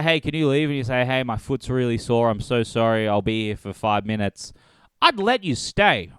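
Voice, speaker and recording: A young man hosting a podcast, telling a story in a sarcastic, animated way and acting out both sides of an argument. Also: mid-range voice, smooth, dry recording. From Australia. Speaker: podcast host. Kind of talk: solo comedic storytelling.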